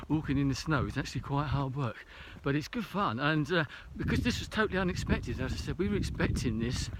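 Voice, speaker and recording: A man's voice: fairly high pitch, lively intonation, fairly quick, very noisy. A man talking casually to a camera while hiking a snowy mountain trail, a little out of breath, rambling and hesitant with many fillers. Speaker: vlogger.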